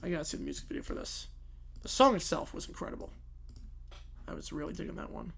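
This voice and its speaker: A man's voice: on the high side, fast, creaky. Laid-back male livestream host. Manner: relaxed, offhand, talking to chat. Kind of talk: casual livestream chat.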